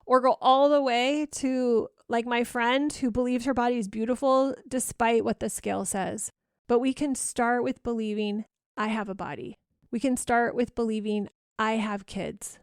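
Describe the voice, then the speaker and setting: A woman parenting coach talking alone on a podcast, gently repeating soft affirmations in a reassuring way. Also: fairly high pitch, fairly even intonation, moderate pace, clean tone, dry recording, studio quality. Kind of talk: solo podcast coaching talk.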